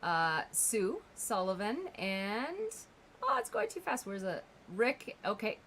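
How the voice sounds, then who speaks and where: A woman's voice: medium pitch, big pitch swings, slow, fairly bright tone, slight background noise. A woman co-hosting a live stream in chatty, casual talk, reading out names and plans.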